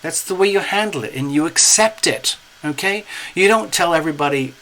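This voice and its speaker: Male tarot reader, bright and animated, coaxing tone. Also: on the high side, fairly quick, poor audio. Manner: animated, coaxing, repeats "okay?". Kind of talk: casual tarot reading monologue.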